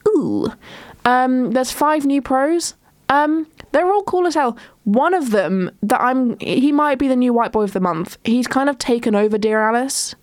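Young woman, solo podcast host, rambling casual chat, a touch high-pitched, dry close sound. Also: lively intonation, a little slow, dry recording. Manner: chatty, rambling, frequent ums and restarts.

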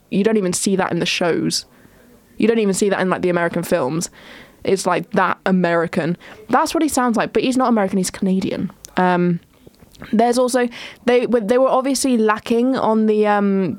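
A woman's voice: mid-range voice, no room sound. A young woman hosting a casual solo podcast, chatting in a rambling way with many ums and restarts. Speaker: podcast host.

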